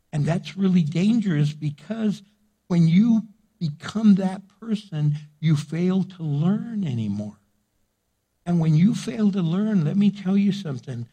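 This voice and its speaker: An older man preaching a sermon, lively and conversational, acting out little exchanges between people. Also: a little high, breathy edge. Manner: animated preaching with acted-out dialogue. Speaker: pastor.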